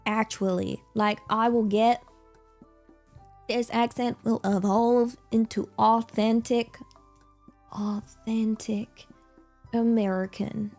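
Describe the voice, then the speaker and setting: Streamer girl doing a southern accent character, kinda self-conscious, practicing lines, highish voice. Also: level tone, slow pace, long pauses, darkish tone, faint music behind. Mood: chatty. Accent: put-on Southern US. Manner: giggly, practicing phrases aloud. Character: Southern-accented young woman persona, playful and self-conscious. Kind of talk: casual livestream chat.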